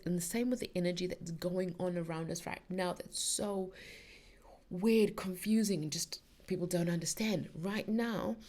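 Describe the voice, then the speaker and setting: A woman's voice: lowish voice, darkish tone. A middle-aged woman hosting a podcast, talking casually and rambling with lots of fillers and restarts about spiritual ideas. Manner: chatty, rambling, many "like"s and restarts. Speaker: podcast host.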